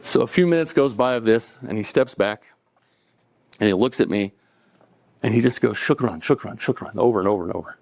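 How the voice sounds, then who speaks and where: A man's voice: on the low side, a little fast, gravelly, long pauses. Conversational man telling a personal story. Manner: relaxed, conversational, with chuckles and acted-out quotes.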